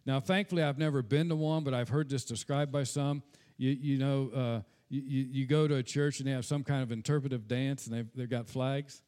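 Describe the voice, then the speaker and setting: A pastor preaches a sermon earnestly in a medium-pitched, steady, darkish voice at a brisk clip. When he goes off the cuff, he slips into casual asides and repeats words.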